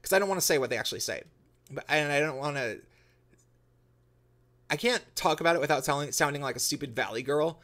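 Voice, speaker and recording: A man with a slightly higher-than-usual voice rambles through a casual vlog. He trips over his words and restarts often, and he talks straight to his viewers. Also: lively intonation, fast, long pauses, a bit bright. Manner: rambling, many restarts and fillers. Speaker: YouTuber.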